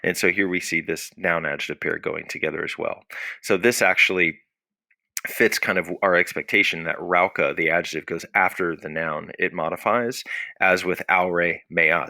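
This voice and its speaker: Deep-voiced man teaching a Latin lesson. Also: pushed and bright, no room sound. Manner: explains patiently, asks questions and answers them himself. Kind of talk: recorded classroom lesson.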